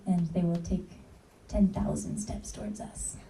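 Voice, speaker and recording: A woman from the United States gently introducing songs and leading a sing-along at a live community gathering. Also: lowish voice, fairly even intonation, recorded from a distance, slight background noise. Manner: soft-spoken, unhurried, leads the room in sing-alongs. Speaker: singer and song circle leader. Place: large echoey community hall. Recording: roomy live hall recording from afar. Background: live music, drum and singing.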